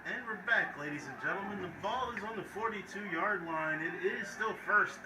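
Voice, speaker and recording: A man's voice: sits high, moderate pace. A man doing play-by-play commentary for a college football game, hyped and playful, talking straight to viewers, recorded at a stadium. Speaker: play-by-play announcer. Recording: echoey, distant mic with crowd noise.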